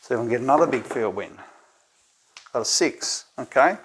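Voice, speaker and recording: Amid background noise, an Australian man with an animated, medium-pitched voice talks a little fast as he hosts a tabletop game tutorial. Presenting gambling strategy, he thinks out loud and keeps checking in with "right?".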